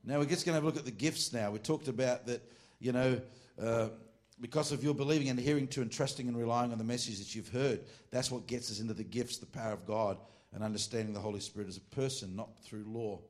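Joking Australian preacher, rambling asides. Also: male voice, medium pitch, quick pace, few pauses. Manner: rambling and joking, with frequent asides and self-corrections. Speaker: preacher teaching a ministry class. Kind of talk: informal sermon.

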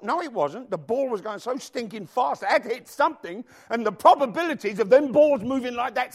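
Animated high-voiced male preacher. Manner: emphatic, animated, rhetorical questions to the congregation. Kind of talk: sermon.

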